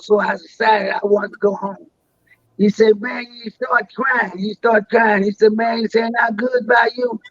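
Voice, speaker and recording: High-voiced older man telling old stories. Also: a bit bright, slightly rough, no room sound, muffled recording. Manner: rambling, repeats and restarts words. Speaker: interview guest. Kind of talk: storytelling in a live interview.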